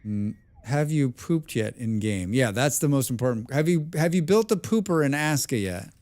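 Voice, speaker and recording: A man live-streaming a game, chatting with his viewers in a loud, excitable and passionate way. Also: mid-range voice, moderate pace, no echo. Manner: loud and excitable, calls himself a passionate speaker.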